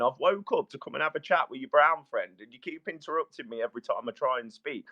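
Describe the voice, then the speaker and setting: A man's voice: medium pitch, expressive, fast talker, hardly any pauses, bright, forceful tone. A middle-aged British man in a heated live audio debate, blunt and combative, who keeps complaining about being interrupted. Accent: British English. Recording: dull lo-fi call audio.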